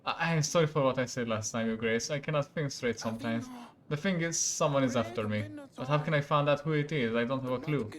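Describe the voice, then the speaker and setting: A Hungarian-accented man voicing a paranoid, crazy male prisoner, speaking in nervous halting bursts. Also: mid-range voice, natural voice.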